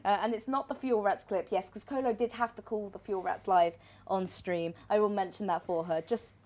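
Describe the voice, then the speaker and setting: A woman's voice: mid-range voice, fairly even intonation, normal speed, a little mellow. A woman hosting a livestream, gushing and laughing as she introduces fan clips in casual chat. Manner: giggly, gushing, laughs often. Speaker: stream host.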